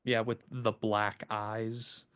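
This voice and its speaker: A man's voice: fairly low pitch, flat delivery, takes it slowly, fairly bright tone. A man hosting a podcast in casual chat, rambling and filling with "like" and "uh". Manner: rambling, filler-heavy. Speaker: podcast host.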